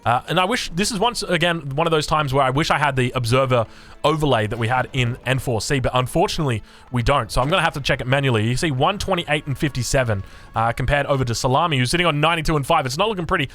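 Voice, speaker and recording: A man with an Australian accent casting a strategy game match, excitable and rambling, with chatty asides. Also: mid-range voice, quick pace. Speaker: game commentator. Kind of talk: casual live strategy game commentary.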